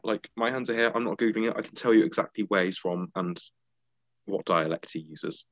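A man's voice: on the low side, fairly quick, fairly bright tone, no room sound. A man from the United Kingdom co-hosting a podcast in casual chat, tired and matter-of-fact, teasing his co-host.

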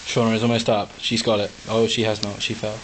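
A young man filming his friends, talking in a flat, dry monotone and tired from no sleep. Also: on the low side, fast talker. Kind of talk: casual commentary while filming. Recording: noisy home video.

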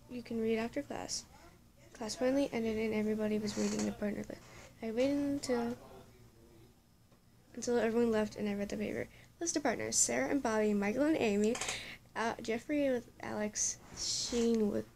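A woman with a somewhat high voice reads a fan story aloud, stumbling over words and correcting herself as she goes. She stops now and then for exasperated asides. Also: moderate pace, creaky, a little mellow, slight background noise. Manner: stumbling reading with frequent self-corrections; breaks off into laughing, exasperated asides. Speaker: story reader.

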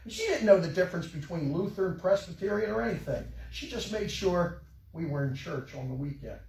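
A man preaching a sermon, telling a personal story with emotion, his voice dropping soft and rising again. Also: high-pitched, lively intonation, brisk, gravelly, echoey room, recorded from a distance, rough recording. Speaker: pastor. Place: church sanctuary.

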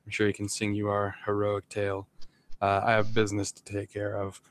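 A man's voice: fairly low pitch, completely flat delivery, brisk, lightly acted. Man playing a curt, reserved adventurer.

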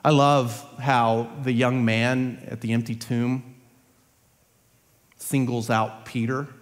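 A man's voice: medium pitch, flat delivery, takes it slowly. A man preaching a Sunday sermon in a church, earnest and building to emphatic peaks. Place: church sanctuary. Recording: long church hall reverb.

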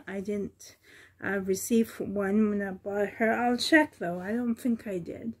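A woman at home on the floor, showing a doll she is selling, talking softly with many ums and a little out of breath. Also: medium pitch, steady tone, measured pace, breathy edge. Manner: soft, cooing over the doll, with many ums. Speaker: reborn doll seller. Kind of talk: casual show-and-tell vlog.

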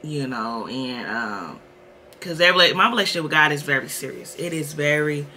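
Bright-voiced chatty woman vlogger. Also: low-pitched, lively intonation, moderate pace, slight background noise. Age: 30s. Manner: candid, chatty, addresses viewers as y'all. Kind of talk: casual vlog chat. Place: at home.

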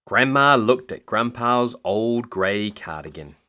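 A man reading a picture book aloud as a bedtime story, in an expressive storytelling manner. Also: medium pitch, slow, soft background music.

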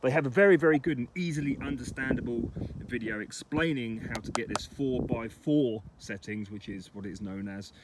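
A man talking casually to camera while metal detecting outdoors, chatty and excitable about his finds. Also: medium pitch, brisk, very noisy. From England. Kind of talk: casual vlog commentary. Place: outdoors in a wet field.

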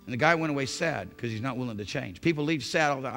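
A male pastor preaching a sermon in church, swinging from hushed, intimate phrases to shouted emphasis. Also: mid-range voice, rapid-fire, vocal fry, soft background music. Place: church sanctuary.

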